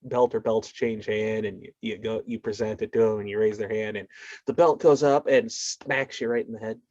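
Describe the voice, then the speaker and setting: A man's voice: fairly low pitch, steady tone, moderate pace, darkish tone, no room sound. A man, a wrestling referee co-hosting a podcast, chatting casually and cheering on his co-host with short, laid-back comments. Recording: dull lo-fi podcast mic.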